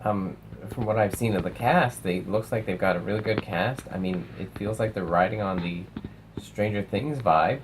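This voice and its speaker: A young man casually reviewing films, animated, swearing and acting out lines from movies. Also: on the low side, normal speed, noisy background. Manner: animated, swears, acts out quotes. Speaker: film reviewer.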